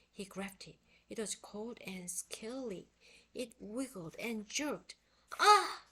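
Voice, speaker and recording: A woman reading a children's book aloud in expressive, unhurried storytelling; her first language is Korean. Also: mid-range voice. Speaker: book reader.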